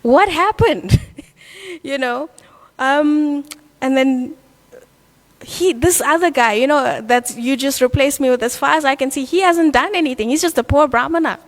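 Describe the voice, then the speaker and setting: A woman teaching a devotional scripture class, telling a story in a lively way with many fillers. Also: high voice, moderate pace. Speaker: class speaker.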